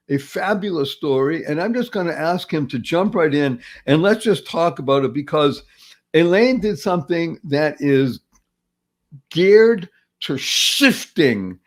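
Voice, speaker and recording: A man hosting a motivational podcast, talking with enthusiasm and acting out little everyday scenes. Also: on the high side. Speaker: podcast host. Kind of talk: upbeat motivational podcast talk.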